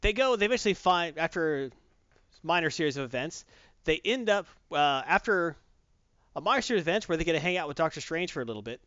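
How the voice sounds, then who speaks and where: A man casually recapping a movie plot as a reviewer, telling it with animated storytelling. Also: on the high side, fast, no room sound. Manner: animated storytelling with acted quotes. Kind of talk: casual chat. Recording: dull lo-fi dry recording.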